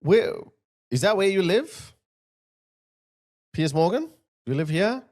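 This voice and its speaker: A man's voice: high voice, big pitch swings, takes it slowly, a little mellow. A man giving heated commentary over video clips, indignant and firing off repeated rhetorical questions. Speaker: online political commentator.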